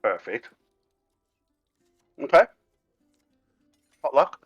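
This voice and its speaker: Lively male game master, very expressive pitch, dry sound. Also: extremely slow, husky, no room sound, lo-fi sound, soft background music. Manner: animated, laughing, voices exclaiming. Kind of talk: narrating a tabletop game.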